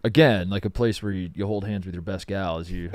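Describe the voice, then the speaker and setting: A man's voice: deep voice, a little fast, a little mellow, dry recording, clean studio sound. A man co-hosting a sports podcast, bantering and joking in casual chat. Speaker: podcast co-host.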